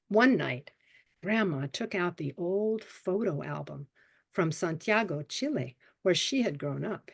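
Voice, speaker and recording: A woman in her seventies telling a personal childhood story at a story swap event, vivid and expressive. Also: fairly low pitch, a little slow, vocal fry, slightly rough. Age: 70s.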